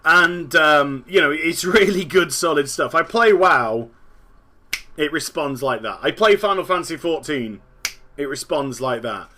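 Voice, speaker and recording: A man in his thirties rants about a game in a casual, exasperated monologue. He swears freely, repeats himself and laughs at his own jokes. His voice is bright and sits a little high. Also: lively intonation, unhurried. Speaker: gaming podcast host.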